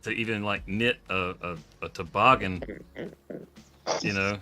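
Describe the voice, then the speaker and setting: A man's voice: fairly low pitch, fairly even intonation, measured pace. A man giving live gameplay commentary, joking, laughing often and talking to the game animals. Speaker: streamer.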